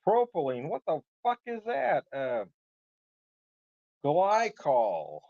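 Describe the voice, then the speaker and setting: A man's voice: fairly high pitch, wildly swooping pitch, slow, gravelly, mellow, no echo. Profane ranting man, dull lo-fi sound. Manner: profane, laughing ranter. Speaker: whiskey vlogger. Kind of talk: casual rant to camera.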